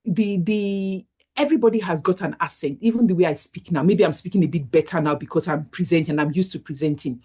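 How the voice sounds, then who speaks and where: A woman's voice: lowish voice, a little mellow, husky. A middle-aged woman doctor, reassuringly answering a question in an online career workshop. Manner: reassuring, explanatory, with many "you know" fillers.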